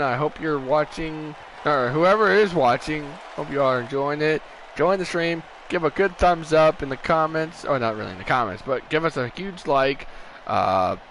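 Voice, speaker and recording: A man's voice: medium pitch, a bit bright, a little hiss or hum. A tired man doing casual play-by-play commentary for an online racing stream, rambling and correcting himself as he goes. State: tired, yawning. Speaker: race commentator.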